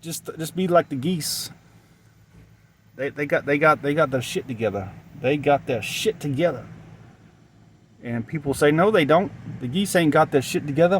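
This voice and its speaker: A man's voice: on the high side, slight background noise. A man vlogging outdoors by a gas station, talking in a rambling, musing way and repeating himself as he goes.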